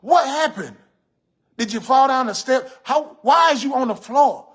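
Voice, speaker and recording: A man's voice: very high-pitched, expressive, unhurried, fairly bright tone, husky, full character voice. A man playing a sassy, old-school, gray-haired uncle, scolding and joking with viewers on a livestream. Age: 50s. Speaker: livestream host reading comments. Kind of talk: comedic character livestream. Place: room in a house. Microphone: phone on a ring light.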